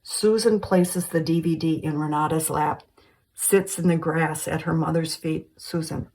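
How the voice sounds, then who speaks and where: A woman reading a screenplay aloud, calmly stating scene headings and directions. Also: sits low, normal speed, poor audio. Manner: steady, matter-of-fact delivery of scene directions. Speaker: screenplay reader.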